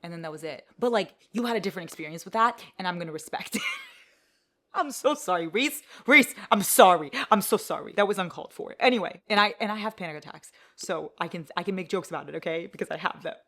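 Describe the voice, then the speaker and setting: A woman book vlogger chatting casually, rambling along with excited gasps and the odd curse word. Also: lowish voice, quick pace. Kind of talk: casual vlog chat.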